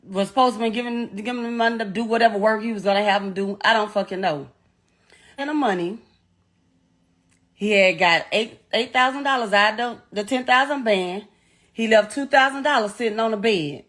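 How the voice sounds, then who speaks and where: Her voice runs on the high side and a bit bright, at normal speed. She is a middle-aged woman from the American South, interviewed as the mother of the deceased, and her personal account is raw, profane and full of distress.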